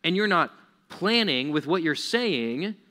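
A man's voice: fairly high pitch, sing-song, a little slow, bright, forceful tone. A man preaching a casual sermon to young listeners, chatty and full of "like" fillers, laughing often. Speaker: pastor.

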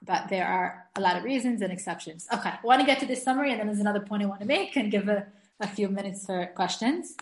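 A woman's voice: medium pitch, quick pace, reverberant. A woman teaching an online class, chatty and enthusiastic, often laughing and restarting her sentences. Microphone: video call.

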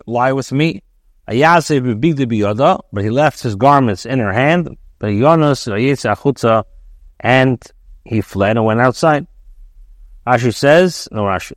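A man giving a scripture lesson as a rabbi, reading each Hebrew phrase and translating it into English. His voice sits at an ordinary middle pitch. The sound is dry and close, with no room echo. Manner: reads Hebrew then translates with pauses and restarts. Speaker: rabbi teaching Torah.

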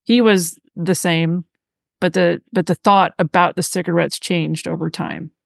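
Gently probing woman podcast host. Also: lowish voice, fairly even intonation, a little slow, vocal fry, no echo. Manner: gently probing, asks follow-up questions. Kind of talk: interview podcast.

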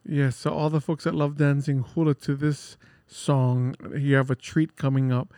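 A man's voice: mid-range voice, little pitch movement, moderate pace, mellow, dry recording, studio quality. A man hosting a radio show, chatty and enthusiastic as he introduces songs. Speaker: radio host. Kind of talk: casual radio chat.

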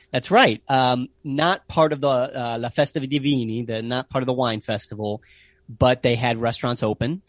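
Animated American man telling stories. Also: mid-range voice, normal speed, no room sound. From United States. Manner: animated, with playful Italian phrases. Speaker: guest telling travel stories. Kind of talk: casual storytelling chat.

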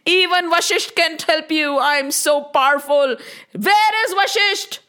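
A woman's voice: very high voice, measured pace, bright, forceful tone, pitched above the performer's own voice, full character voice. A woman voicing an arrogant, boastful male warrior sage in a spoken children's story, taunting and threatening.

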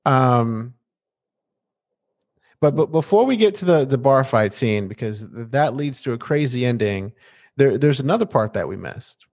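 Animated man recapping a show. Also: mid-range voice, normal speed. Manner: animated and playful, with restarts. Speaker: podcast co-host. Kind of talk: casual TV episode recap chat.

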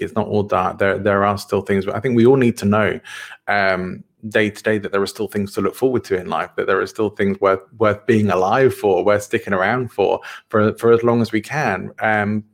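Male host, low gravelly voice, reflective and halting delivery. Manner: reflective, halting, repeats words. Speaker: podcast host. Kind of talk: casual chat.

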